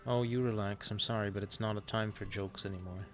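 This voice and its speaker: A man's voice: fairly low pitch, steady tone, brisk, soft background music. A man in an in-character western roleplay, telling a story in a hesitant way with many fillers. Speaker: roleplay streamer.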